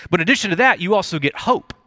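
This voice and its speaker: A young man delivers a conversational sermon with lively, playful asides. His voice sits a little high for a man, and the sound is close and dry with almost no room echo. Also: very fast. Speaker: pastor. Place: church auditorium.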